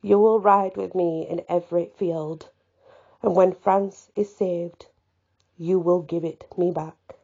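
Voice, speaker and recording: A woman's voice: lowish voice, fairly even intonation, takes it slowly, gravelly, mellow, husky, dull audio, heavily acted. A woman reading aloud, voicing a young female commander who speaks graciously but firmly. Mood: solemn.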